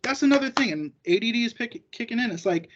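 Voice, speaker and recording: High-voiced man in muffled, rambling chat. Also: expressive, fast talker, a little hiss or hum. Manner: rambling and profane, acting out quoted remarks. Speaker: guest, jiu-jitsu competitor. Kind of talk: casual podcast chat.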